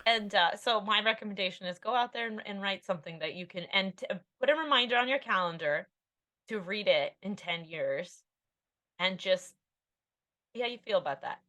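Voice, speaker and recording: A woman's voice: medium pitch, normal speed, pushed and bright. A woman in her thirties, an author being interviewed on a podcast, talking candidly in a rambling, self-deprecating way with many fillers. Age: 30s.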